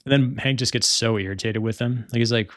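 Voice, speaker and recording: A man's voice: mid-range voice, steady tone, quick pace, a bit bright, no echo, studio quality. A young man hosting a solo podcast, chatting casually and rambling with lots of filler words. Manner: rambling, many filler words, frequent laughter. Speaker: podcast host.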